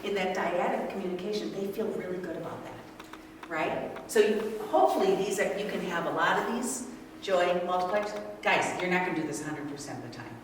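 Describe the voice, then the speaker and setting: Brief: older woman workshop speaker, lowish voice, lively with the audience, distant mic in a big echoey hall. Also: a little fast, few pauses. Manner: animated, asks the audience questions. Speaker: speaker leading a parent workshop. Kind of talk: interactive talk to an audience. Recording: echoey hall from far off, noisy.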